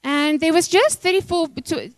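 A woman's voice: extremely high pitch, normal speed, no room sound. A woman, a pastor's wife, telling an emotional, rambling church testimony. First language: Afrikaans.

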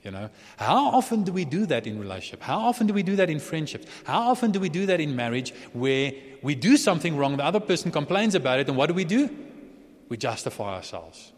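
A man preaching a sermon in a relaxed, chatty way, often restarting and chuckling. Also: on the high side, fast talker. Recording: long hall reverb.

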